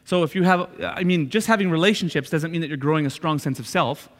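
In a church hall with a long reverb, a pastor with a notably high voice delivers a sermon. He talks fast with fairly even intonation, keeping things conversational, circling back on points and dropping frequent "right?" asides to check the room.

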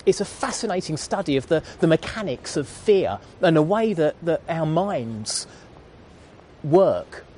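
A man's voice: fairly high pitch, lively intonation, measured pace, a little mellow, a little hiss or hum. A man in his thirties preaching a sermon, retelling a children's story in an earnest storytelling manner.

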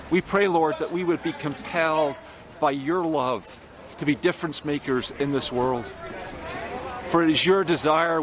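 A man leads a congregation in an earnest spoken prayer, his voice sitting a little high. He builds the prayer on steady, repeated phrases. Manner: earnest, rhythmic repetition. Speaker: prayer leader.

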